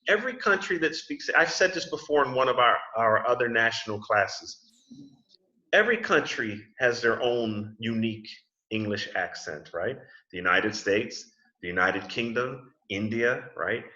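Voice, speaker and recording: A man's voice: mid-range voice, animated, moderate pace, sharp tone. A man leading an English class over a video call, friendly and chatty, often repeating and restarting words. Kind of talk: casual class discussion. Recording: muffled video call in an echoey room.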